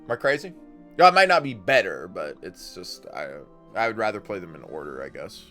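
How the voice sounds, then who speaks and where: Rambling, bright-voiced male streamer. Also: on the low side, sing-song, fairly quick. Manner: rambling, swears casually. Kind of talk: casual gameplay commentary. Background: faint game music.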